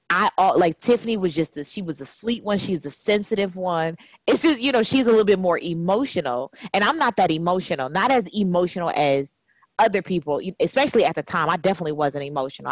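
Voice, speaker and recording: Woman podcast host, emotional chat, kinda low voice, laughs a lot, pitch jumps up when she's worked up. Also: fairly quick, no echo, low-quality recording. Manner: expressive and heartfelt, with laughs and sudden rises in pitch. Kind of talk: emotional casual conversation.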